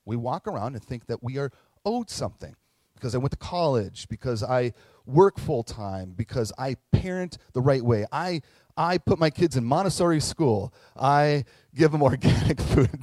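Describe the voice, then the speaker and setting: A man preaching a sermon, telling a story in an animated, conversational way with frequent asides. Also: on the high side, dry recording, poor audio. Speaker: pastor.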